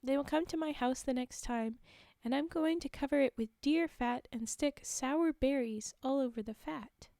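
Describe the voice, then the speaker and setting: A woman's voice: high-pitched, moderate pace, creaky, warm tone, no room sound, studio quality. A woman reading the lines of a resourceful village man in a folktale, in her own plain voice. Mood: plotting.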